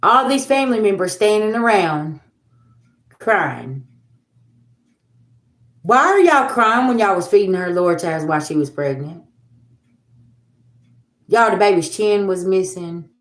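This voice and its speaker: A woman's voice: medium pitch, lively intonation, unhurried, long pauses, reverberant. A woman in her forties hosting a livestream, talking bluntly and profanely to her viewers in a preachy, casual way. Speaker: livestream host.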